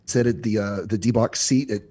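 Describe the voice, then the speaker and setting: A man talking as a guest on a podcast, explaining sound mixing in a halting way with lots of restarts and examples. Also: on the low side, steady tone, warm tone, breathy edge. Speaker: audio educator guest. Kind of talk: casual podcast chat.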